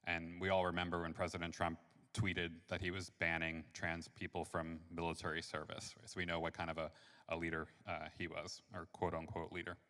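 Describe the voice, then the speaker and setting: A man's voice: sits low, monotone, a little fast. A man hosting an event, reading a guest's bio with admiring asides. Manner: warm, admiring, reads then ad-libs. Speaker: event host. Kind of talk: reading an introduction. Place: church. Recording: reverberant church hall.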